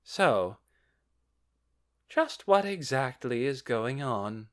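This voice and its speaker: A man's voice: mid-range voice, big pitch swings, very slow, pitched above the performer's own voice. A man voicing a beautiful, haughty young woman who speaks in a bored, sweetly dismissive way in an audiobook. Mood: bored, aloof.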